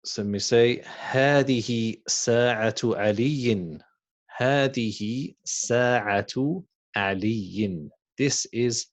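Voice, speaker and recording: A man with a low-pitched voice teaches a beginners' Arabic lesson. He speaks slowly and patiently, repeating each word and then giving its meaning. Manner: slow and patient, repeats words and translates them. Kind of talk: recorded language lesson.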